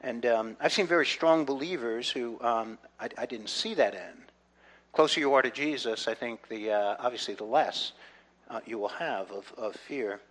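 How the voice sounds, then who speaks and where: A man giving a conversational Bible teaching, earnest, often checking in with the listeners and swinging between soft reflection and loud excitement. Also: medium pitch, moderate pace.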